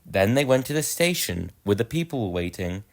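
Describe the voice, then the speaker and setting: A man narrating a children's storybook in a gentle, expressive way. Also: on the low side, brisk, gravelly.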